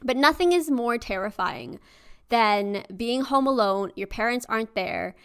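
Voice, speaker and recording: Lively woman podcast storyteller. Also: on the high side, unhurried, smooth. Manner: lively, laughs easily. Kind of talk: story reading and casual chat.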